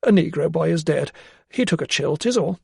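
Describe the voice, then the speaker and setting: A woman's voice: sits low, expressive, normal speed, gravelly, dark tone, breathy edge, dry recording, clean studio sound, pitched above the performer's own voice, full character voice. A man voicing a cruel, commanding Georgian lady. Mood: dismissive. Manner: harsh, barking commands. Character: cruel, cold-hearted 18th-century lady of the house.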